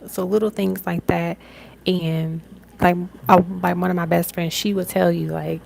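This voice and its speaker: A woman's voice: on the low side, flat delivery, moderate pace, gravelly, darkish tone, slight background noise, poor audio. A young adult woman giving a live tarot reading, talking in a casual, chatty way with lots of fillers and laughs. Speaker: tarot reader.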